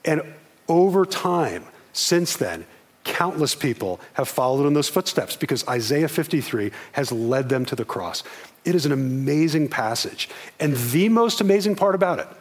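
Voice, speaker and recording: A man preaching a sermon with a somewhat high, husky voice. He tells the story vividly and slips into lively voices for the people he quotes, then drops low and quiet on the solemn lines. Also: measured pace. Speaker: pastor.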